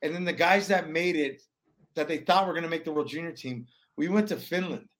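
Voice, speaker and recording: A man in his forties, a former pro hockey player from Alaska, telling stories in a rambling, animated way with many restarts. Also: fairly high pitch, brisk. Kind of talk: casual storytelling interview.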